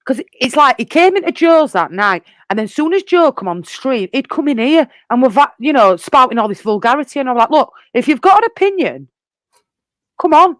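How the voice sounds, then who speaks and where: A woman, hosting a casual livestream chat and telling stories in a sweary, animated way. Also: high-pitched, a little fast, hardly any pauses, dry recording.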